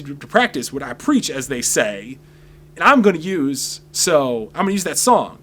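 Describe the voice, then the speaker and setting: A man's voice: on the high side, very animated, moderate pace, fairly bright tone. A young man hosting an opinionated TV review vlog, talking in a sarcastic, ranting way. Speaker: video reviewer and host.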